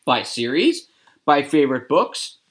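A man's voice: medium pitch, sing-song, measured pace. A man hosting a podcast in casual chat, rambling and hesitant with fillers. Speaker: podcast host.

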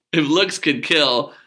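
A man's voice: fairly high pitch, pushed and bright. A man co-hosting a podcast, teasing and laughing often in casual banter. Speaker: podcast co-host. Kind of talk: casual chat.

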